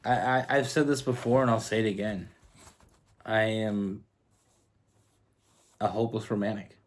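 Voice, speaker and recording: A man's voice: lowish voice, steady tone, unhurried. Earnest Canadian man reading tarot. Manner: earnest, rambling, restarts often. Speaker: tarot reader.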